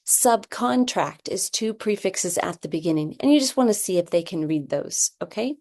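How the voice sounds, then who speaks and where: A woman's voice: lowish voice, lively intonation, normal speed, a little mellow. A woman teaching reading, explaining a phonics assessment and sounding out example words one by one, often checking in with "okay?".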